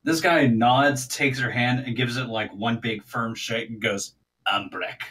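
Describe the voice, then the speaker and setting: A man's voice: mid-range voice, unhurried, fairly bright tone, poor audio. A man narrating as game master of a tabletop game, loose and profane, laughing often.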